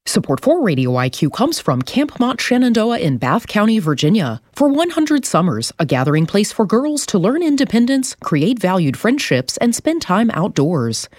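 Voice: mid-range voice, sing-song, normal speed, hardly any pauses, no echo, clean studio sound. An announcer reading scripted sponsor credits for a radio station.

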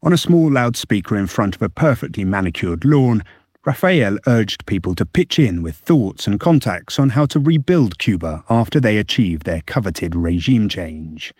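Man, news correspondent, low voice, dry close sound, measured delivery. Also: expressive, a little mellow, breathy edge, no echo. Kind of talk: scripted news report.

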